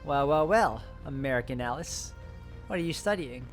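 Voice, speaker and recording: A man's voice: medium pitch, lively intonation, moderate pace, faint music behind, close to an everyday voice. A man voicing a breezy, cunning man who talks his way out of trouble. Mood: sly. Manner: breezy, cunning, covering for a friend. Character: Jim, sly British man, smooth talker.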